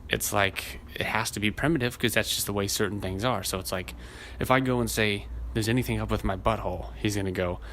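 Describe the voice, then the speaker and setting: A man's voice: lowish voice, brisk, hardly any pauses, fairly bright tone, a little hiss or hum. A man hosting a podcast, telling a rambling, profane story and acting out the people in it. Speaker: podcast host. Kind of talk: casual chat.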